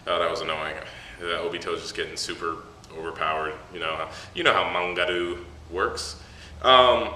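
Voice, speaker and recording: A man's voice: low voice, pushed and bright. A man casually reviewing a manga chapter on a camera mic, rambling with profane, laughing asides. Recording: echoey room, faint noise.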